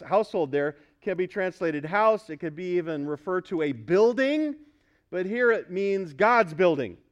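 A man's voice: fairly high pitch, fairly bright tone, dull audio. A male pastor preaching a sermon at a church service, emphatic and quizzing the congregation with questions.

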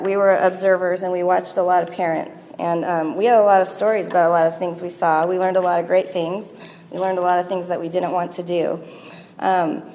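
A woman's voice: mid-range voice, darkish tone, slight background noise. Chatty woman in an echoey hall. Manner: chatty, storytelling with filler ums. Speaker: speaker at a gathering. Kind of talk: personal talk to an audience. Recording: echoey hall with faint ambience.

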